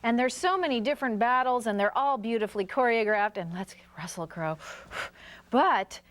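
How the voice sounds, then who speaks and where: A woman co-hosting a film review show, talking quickly and enthusiastically in casual chat. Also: a little high, lively intonation, a bit bright. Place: TV studio.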